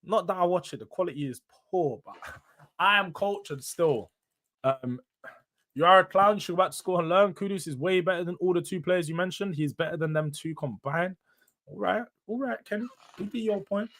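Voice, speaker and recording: A man's voice: high voice, moderate pace, fairly bright tone. A young man with a London accent hosting a casual football live stream, bantering with the chat in slang. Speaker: host.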